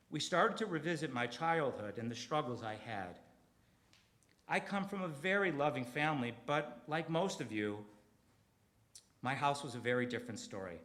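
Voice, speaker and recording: Swinging between quiet moments and loud, emphatic ones, a medium-pitched middle-aged man delivers a confessional comedy set built on storytelling from a theater stage.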